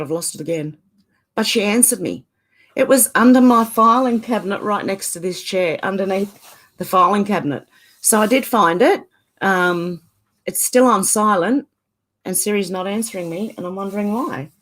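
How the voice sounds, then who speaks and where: An Australian woman chats casually with her viewers at home, greeting them one by one. Her voice carries a smoker's cough, and she breaks into laughter often as she talks. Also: mid-range voice. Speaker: channel host. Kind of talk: casual livestream chat. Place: indoors at home, beside a filing cabinet.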